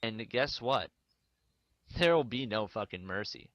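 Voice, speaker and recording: A man's voice: lowish voice, animated, measured pace, a bit bright, highs cut off. A man ranting in an angry vlog, defensive and swearing. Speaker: video maker ranting to the camera.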